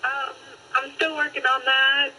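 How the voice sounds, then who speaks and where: A man answers the host haltingly, pausing and filling gaps as he explains. His voice sits high and sounds bright and sharp, with faint noise behind. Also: flat delivery, poor audio. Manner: hesitant, halting.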